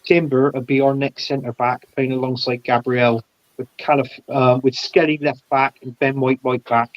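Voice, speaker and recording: A man's voice: medium pitch, level tone, normal speed, dry recording. Guest, male, casual football talk; blunt and heated, trips over his words; muffled, dead-dry audio. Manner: blunt, heated opinions with stumbling restarts. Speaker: podcast guest.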